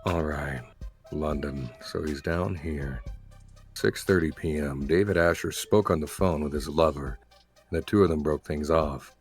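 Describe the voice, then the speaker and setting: A man voicing a gruff male detective with a slow, low cowboy drawl. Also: faint music behind.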